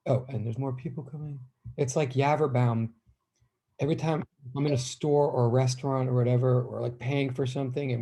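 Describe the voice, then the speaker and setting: A man's voice: mid-range voice, mellow, husky. A man in his fifties, a physics teacher, chatting casually and rambling with his class as students join. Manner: rambling, chatty, self-deprecating.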